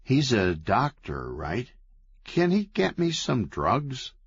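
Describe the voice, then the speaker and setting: Man doing a dim drug-hungry sidekick, slow dopey drawl, husky, dull dry recording. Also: mid-range voice, wildly swooping pitch, no echo, pitched above the performer's own voice, exaggerated voice.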